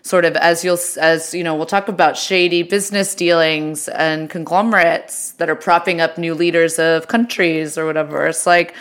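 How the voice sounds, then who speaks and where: Woman, podcast co-host, smooth clear tone, slightly low pitch, casual chatty talk, hedging asides. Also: fairly even intonation, moderate pace, few pauses, a bit bright. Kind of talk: casual political chat.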